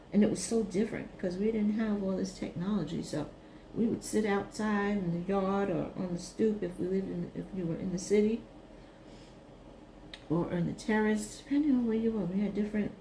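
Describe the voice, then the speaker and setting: A woman from Brooklyn, talking casually as a craft vlogger, reminiscing and then turning animated. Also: mid-range voice, creaky, reverberant, slight background noise. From Brooklyn, New York. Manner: chatty, reminiscing, rises to animated scolding. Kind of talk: casual monologue while crafting.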